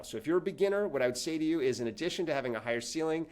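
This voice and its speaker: His voice a little high and racing along, a male professor and author fields interview questions. As he tells his stories, he lively acts out whoever he's quoting.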